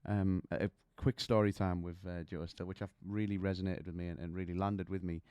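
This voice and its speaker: A man's voice: sits low, little pitch movement, fairly quick, clear, resonant tone, no room sound, lo-fi sound. A man teaching singing technique, chatty and explaining with demonstrations and little stories. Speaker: vocal coach. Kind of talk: singing lesson to camera.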